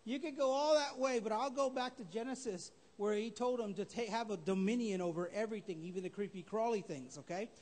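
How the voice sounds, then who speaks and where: Male pastor, very high voice, emphatic live sermon, echoing church hall. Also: brisk, hardly any pauses. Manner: emphatic preaching, rising to shouts. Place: church sanctuary.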